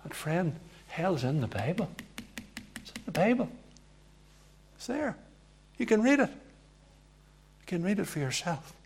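A man preaching a sermon, emphatic and repetitive, swinging from hushed passages to loud ones. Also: high voice.

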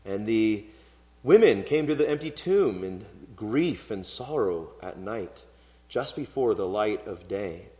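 A man's voice: fairly low pitch, expressive, slow pace, darkish tone. A male pastor giving an expository sermon in a conversational, storytelling way, with occasional fillers. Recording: long hall reverb.

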